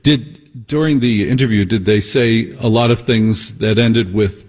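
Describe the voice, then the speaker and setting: A man hosting a talk radio show, teasing his guest with quick jokes and asides. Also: lowish voice. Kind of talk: casual talk radio chat.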